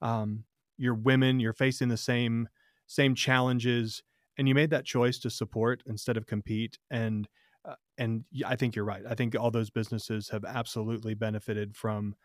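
A man's voice: medium pitch, normal speed, no echo. Man, interviewer, loose rambling talk, mid-range voice, dry recording. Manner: rambling, with many fillers and restarts, animated when joking. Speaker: podcast host. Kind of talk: casual interview conversation.

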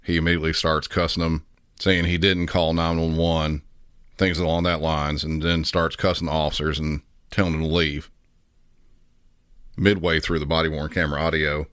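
A man with a very deep voice narrates a true-crime case in calm, measured tones. His delivery stays level and even, with little rise or fall. The sound is dry and close, with no room echo. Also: clear, resonant tone. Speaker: podcast host.

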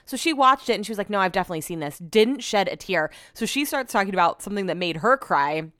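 Young woman, casual storytelling, animated, swears, smooth clear voice, dry close sound. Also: mid-range voice, fast, no room sound. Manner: animated, swears freely, acts out quotes. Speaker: podcast host.

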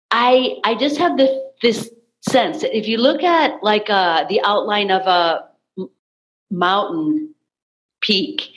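A woman's voice: on the high side, poor audio. A woman hosting a spiritual podcast conversation, speaking in an earnest, emotional way. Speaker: podcast host.

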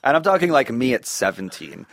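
A man co-hosting a comedy podcast, dropping quick deadpan quips. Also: mid-range voice, creaky. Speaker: podcast co-host. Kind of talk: casual comedic chat.

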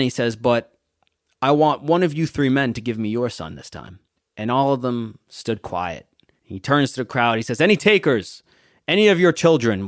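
A man's voice: mid-range voice, dry recording, studio quality. Emphatic male motivational podcast host. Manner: preachy, emphatic, stretching key words slowly. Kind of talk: motivational talk with storytelling.

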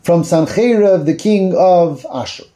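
A scornful, boasting royal envoy with a high, mellow voice, as a male teacher puts him on. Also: lively intonation, unhurried. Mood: taunting. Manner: taunting, boastful. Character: arrogant male royal envoy, mocking and threatening.

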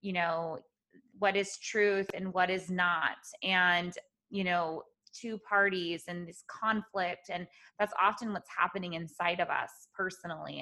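Woman, podcast host, lower pitch, bright tone, reflective, meandering. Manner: reflective, rambling, many "you know" fillers. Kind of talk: conversational interview.

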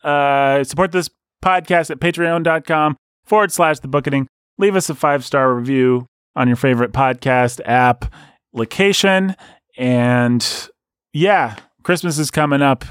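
A man hosting a podcast in casual chat, playful and quick with lists of names. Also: medium pitch, fairly bright tone, clean tone, no room sound, clean studio sound. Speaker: podcast host.

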